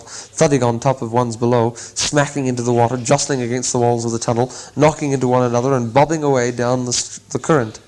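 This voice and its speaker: A man reading a story aloud in a measured, gently wry storytelling manner. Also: mid-range voice, low-quality recording. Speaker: audiobook narrator. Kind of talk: scripted narration.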